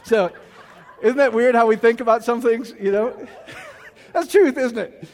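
A man's voice: extremely high pitch, a little slow, darkish tone. A middle-aged male pastor giving a rambling, joking sermon, often asking the crowd if it makes sense. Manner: rambling, self-mocking, often asks the crowd. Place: church hall. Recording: hall reverb.

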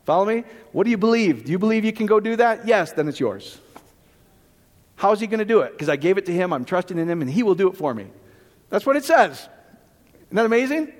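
A man preaching a sermon in an animated, joking way, often asking the room whether they follow him. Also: high-pitched, quick pace, big-room sound. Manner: animated, jokey, rhetorical questions. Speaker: pastor.

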